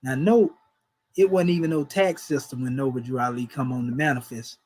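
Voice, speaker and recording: A man's voice: mid-range voice, fairly even intonation, a little fast, a little mellow, low-quality recording. A man, preaching in a folksy, emphatic way and chuckling between points. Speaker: religious teacher. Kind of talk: informal preaching.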